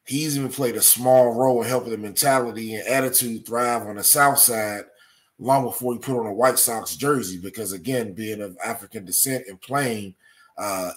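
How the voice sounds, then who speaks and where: Male sports talk host, low register, measured delivery full of fillers. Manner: measured, many ums and uhs. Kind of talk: sports history talk show. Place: studio or home setup.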